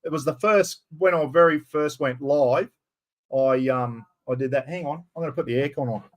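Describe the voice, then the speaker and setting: Australian male streamer, slightly high voice, loud, rambling and salty-mouthed, casual live chat. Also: normal speed. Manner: loud, rambling, swears freely.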